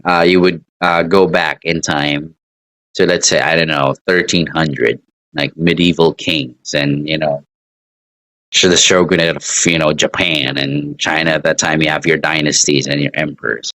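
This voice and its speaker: A man's voice: extremely low pitch, steady tone, moderate pace, sharp tone, no echo, low-quality recording. A man giving a casual online English lesson, rambling and correcting himself, laughing at his own examples. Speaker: English teacher.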